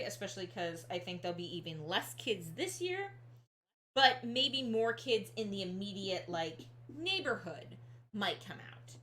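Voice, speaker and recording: A woman's voice: mid-range voice, sharp tone. A woman streamer chatting casually while carving a pumpkin, rambling and talking through each step. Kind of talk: casual chat while working.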